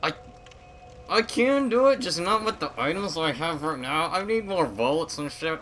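An excitable man playing through a game on a desk mic, his voice jumping all over the place as he yelps and jokes at himself. He sits a little higher than most men, and loud game music plays underneath him. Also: moderate pace. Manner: self-mocking, jokey. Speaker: gamer streaming a challenge video. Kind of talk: let's-play commentary.

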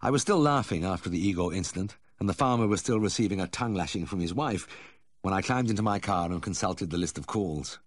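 Expressive low-voiced male audiobook narrator. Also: dry recording. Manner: measured, expressive storytelling. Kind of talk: scripted first-person narration.

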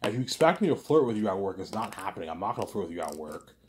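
Rambling young man, low voice. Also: very animated, rapid-fire, a little hiss or hum. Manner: rambling, repetitive, swears often. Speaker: vlogger. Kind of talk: casual monologue.

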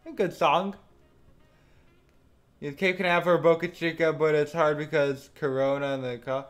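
A man streaming a game, reacting live and rating each landing out loud with quick, excitable commentary. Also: on the high side, soft background music.

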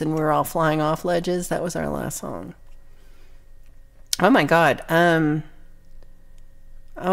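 A young woman with a slightly low voice chats casually on her music livestream, reading viewer comments aloud. She rambles playfully, drifting between thoughts with frequent ums and small laughs. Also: creaky.

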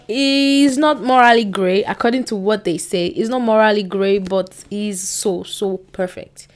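A young woman, chatting casually to camera at home, rambling with excited bursts and quiet trailing asides. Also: medium pitch, moderate pace, hardly any pauses, smooth. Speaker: book vlogger. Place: indoors at home by a bookshelf. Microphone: on-camera mic.

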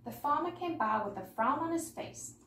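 A woman reading a rhyming picture book aloud with a lively, sing-song rhythm. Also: high voice, moderate pace. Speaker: storyteller. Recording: echoey room, mic far off, faint noise.

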